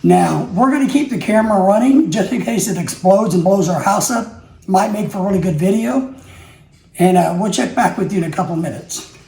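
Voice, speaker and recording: High, gravelly man in an echoey kitchen. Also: expressive, brisk, warm tone. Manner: joking, self-mocking, thinks aloud while working. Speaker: vlog host. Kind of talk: casual how-to demo. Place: home kitchen. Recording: echoey kitchen, clattering dishes.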